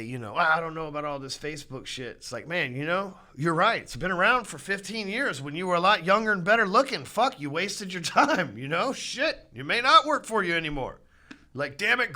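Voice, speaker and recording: A middle-aged man hosting a podcast, ranting bluntly about sales and swearing freely. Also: fairly high pitch. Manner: blunt, swearing, heated, climbs louder when riled. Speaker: podcast host. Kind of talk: profane motivational sales rant.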